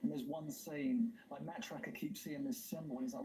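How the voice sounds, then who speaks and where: A man's voice: medium pitch, fairly even intonation, moderate pace, low-quality recording. Enthusiastic rambling man hosting a stream. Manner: enthusiastic, rambling, laughs often. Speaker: livestream host. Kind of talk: casual chat.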